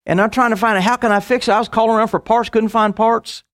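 Casting: middle-aged male preacher, high-pitched, storytelling sermon with quick asides. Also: steady tone, a bit bright.

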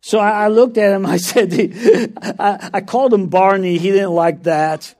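A man's voice: high-pitched, a little slow, a little mellow. A middle-aged man preaching a sermon, telling a story with frequent laughter and repeated calls of "come on".

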